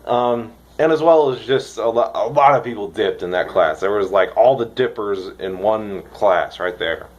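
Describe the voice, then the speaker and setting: A young man from the United States rambling excitedly in a casual vlog, swearing now and then. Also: on the low side, normal speed, hardly any pauses, dull audio. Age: young adult. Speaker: vlogger reviewing dip.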